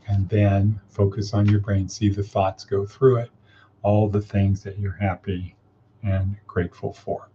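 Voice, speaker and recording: A man's voice: fairly low pitch, flat delivery, measured pace, mellow, dull audio, a little hiss or hum. A man hosting a casual morning coaching livestream, upbeat and encouraging as he reads viewer comments and guides listeners through steps.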